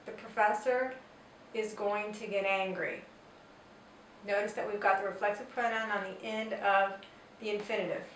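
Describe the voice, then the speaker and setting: A woman's voice: medium pitch, steady tone, moderate pace, long pauses, fairly bright tone. A woman teaching a Spanish grammar lesson, explaining patiently and step by step with example sentences. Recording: roomy echo, distant mic, faint noise.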